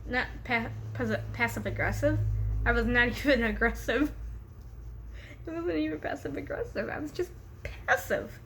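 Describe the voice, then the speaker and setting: A young woman vlogging from a room at home, a pet bird nearby, speaks at normal speed in a slightly bright voice on the high side, with slight background noise. Buzzing from caffeine, she tells a rambling story, laughing a lot, swearing freely, and losing her train of thought easily.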